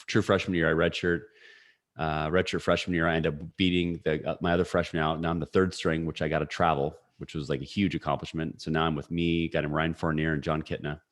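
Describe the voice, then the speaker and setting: A man in his forties telling a personal story as a podcast guest, energetic and full of fillers. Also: deep voice. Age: 40s. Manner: energetic, story-driven talk with frequent fillers. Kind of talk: casual storytelling.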